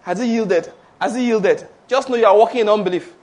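A man preaching a sermon, his voice pitched high for a man. He delivers it with playful energy and laughs often as he goes. He has the congregation echo his key phrases back to him. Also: fairly quick. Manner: animated and playful, laughs often, leads the audience in repeated phrases.

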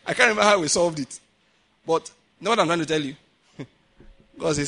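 A man's voice: a little high, fairly quick, vocal fry, long pauses. A man with a Nigerian accent preaching a sermon in a church, telling stories and often asking whether the congregation gets his point. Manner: animated, keeps checking the congregation follows his point. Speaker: pastor. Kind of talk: sermon with storytelling. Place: church building.

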